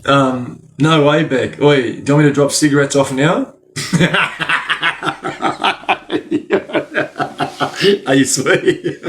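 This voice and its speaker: A man's voice: mid-range voice, fairly even intonation, moderate pace, few pauses, a little hiss or hum. An Australian man chatting casually on a livestream, greeting viewers by name, using lots of slang and laughing often. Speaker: livestream host reading chat.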